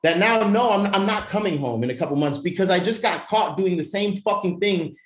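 A man telling a personal story as a podcast guest in casual talk, animated and profane, often restarting his sentences. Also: high-pitched, fairly quick. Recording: roomy echo.

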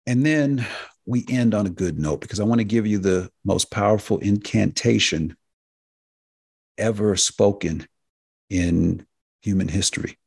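A man with a very low, husky, fry-laden voice hosts a health talk radio show. He speaks in an emphatic, preacher-like cadence, repeating phrases for effect. His voice is recorded dry and close. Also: unhurried, pauses often, a little mellow, dry recording. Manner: addresses listeners directly as folks and healers.

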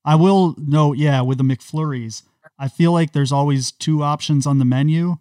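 A man's voice: fairly high pitch, moderate pace, a little mellow, dry recording. Male podcast co-host, casual dry delivery, close dead-room sound.

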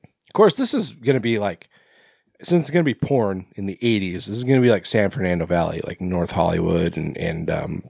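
A man with a low voice co-hosting a podcast in loose, rambling chat. He swears freely and leans on fillers as he talks. The sound is dry and close. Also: animated, brisk, gravelly, a little mellow, breathy edge, no room sound. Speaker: podcast co-host. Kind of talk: casual chat.

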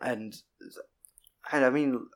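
Guy talking films, swears a lot, goes off on tangents, normal pitch. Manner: sweary, rambling, quick bursts. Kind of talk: casual chat.

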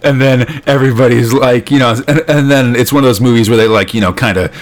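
A man's voice: mid-range voice, fast. A man co-hosting a casual chat, rambling with many fillers and restarts, laughing often. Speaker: podcast co-host.

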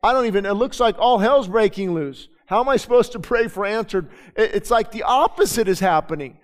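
A man's voice: sits high, brisk. A male pastor preaching a sermon to his congregation, talking in a conversational way that swells into impassioned, urgent pleading. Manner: impassioned, swings from quiet to loud; repeats words and restarts, conversational. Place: church sanctuary before a congregation. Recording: long reverb of a large hall.

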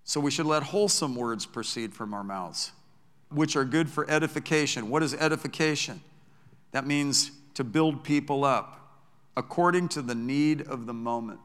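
A man's voice: medium pitch, normal speed, a bit bright. A male pastor preaching a sermon in an enthusiastic, emphatic way, recorded in a church with long reverb.

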